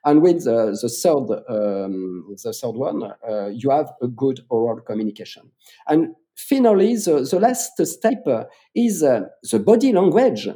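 A man's voice: medium pitch, very animated, a little slow, mellow. A man with a French accent, a public speaking coach explaining his methods in an interview, emphatic and repeating words for stress.

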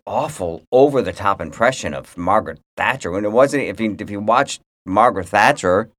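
A man's voice: lowish voice, lively intonation, normal speed, fairly bright tone, no room sound. A man co-hosting a casual podcast chat, blunt and grumbling, with plenty of swearing and hesitant restarts. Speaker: podcast co-host.

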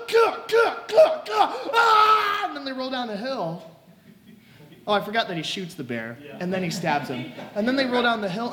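A man preaching a sermon, retelling stories animatedly and acting out scenes. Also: high-pitched. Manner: animated storytelling, acts out scenes. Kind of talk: sermon with retold story.

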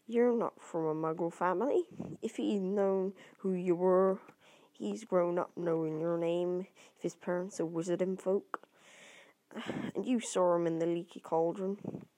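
A woman's voice: fairly low pitch, mellow, natural voice. A woman voicing a kindly half-giant man in an amateur audiobook reading, homely and reassuring, sometimes stumbling.

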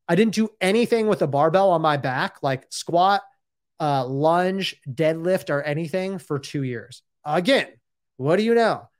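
A man's voice: a little high, expressive, a little slow. A man in his thirties telling his own story in a casual, rambling and candid way, often saying "dude" and "like".

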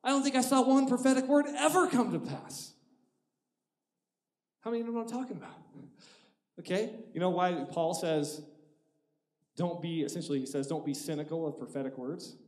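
A man in his forties preaching a sermon, telling a personal story in an animated way that swings between loud and hushed. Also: fairly high pitch, fairly quick. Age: 40s. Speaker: pastor. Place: church auditorium. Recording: echoey church hall.

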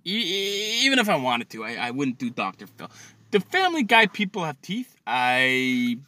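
A man ranting comedically, swearing constantly and stammering through restarts, swinging between loud outbursts and low mutters. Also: huge pitch swings, normal speed. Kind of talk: profane comedic rant.

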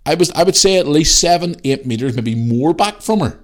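A man in his thirties tells a story on his podcast, heated and profane. His pitch leaps up and down as he goes, lively all the way through. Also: fairly quick. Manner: heated storytelling, heavy swearing, animated re-enacted dialogue. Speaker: podcast host. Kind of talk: casual ranting monologue.

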